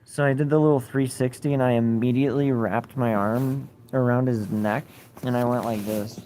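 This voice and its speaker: A man's voice: mid-range voice, steady tone, moderate pace, warm tone, a little hiss or hum. A man livestreaming, telling a story in casual chat and reading viewer comments, blunt and swearing a lot. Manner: blunt, heavy swearing, rambling.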